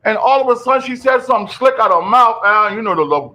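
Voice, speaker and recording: High, bright-voiced radio host man. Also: poor audio. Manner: animated, loud, quick repeated calls of "yo". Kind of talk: casual radio chat.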